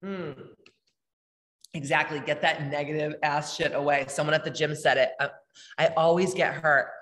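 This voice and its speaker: A woman's voice: deep voice, fairly even intonation, normal speed, fairly bright tone, big-room sound. Blunt, swearing spiritual healer woman. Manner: blunt, profane, emphatic. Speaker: spiritual healer hosting a live meditation. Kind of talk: casual livestream spiritual talk, reading chat comments.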